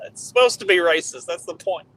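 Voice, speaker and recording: Joking man with a higher voice. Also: expressive, measured pace, fairly bright tone, rough recording. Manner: provocative, joking, laughs at own jokes. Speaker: podcast co-host. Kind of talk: casual chat.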